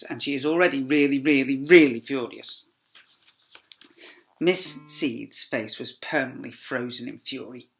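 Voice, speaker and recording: A bright, playful storyteller man. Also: fairly high pitch, gravelly. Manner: playful asides to young listeners. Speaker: teacher reading a story to children. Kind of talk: expressive storybook read-aloud.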